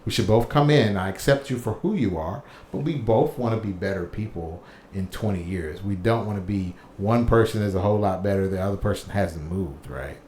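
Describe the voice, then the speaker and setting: A man's voice: lowish voice, a little fast, hardly any pauses, a little mellow. A man co-hosting a casual chat, playful and teasing, who laughs often. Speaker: podcast co-host. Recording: echoey room with background noise.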